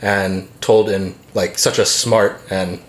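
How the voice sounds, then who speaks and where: A man's voice: low voice, fairly even intonation, takes it slowly, slight background noise. A man who is a podcast guest, chatting casually and hesitantly with many fillers. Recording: roomy echo.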